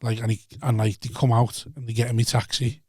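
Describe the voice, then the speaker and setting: A man's voice: mid-range voice, flat delivery, brisk, a little mellow, slightly rough, no room sound, clean studio sound. A man with a Liverpool accent, a podcast guest telling laid-back stories in casual chat and swearing freely.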